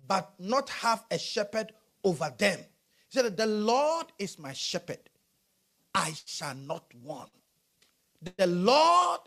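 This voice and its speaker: High-pitched pastor guy, swoops all over, preaches loud and animated. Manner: animated preaching, rising to shouts. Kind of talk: sermon.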